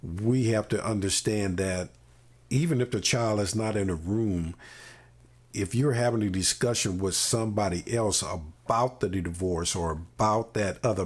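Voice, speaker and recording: A man's voice: lowish voice, breathy edge. A man hosting a parenting podcast, talking earnestly and emphatically with folksy asides. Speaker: podcast host. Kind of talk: conversational interview.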